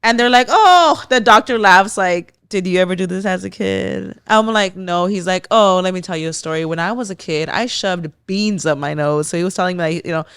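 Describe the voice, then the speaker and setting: Young female podcast co-host, animated storyteller, dry studio mic. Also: lowish voice, brisk, few pauses, clean tone, no echo. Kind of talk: casual chat.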